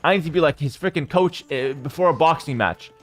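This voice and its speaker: A man streaming live esports commentary, talking straight to his chat, firing off quick play-by-play and breaking into excited outbursts. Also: on the high side. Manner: chats to viewers as "guys". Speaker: streamer casting a game.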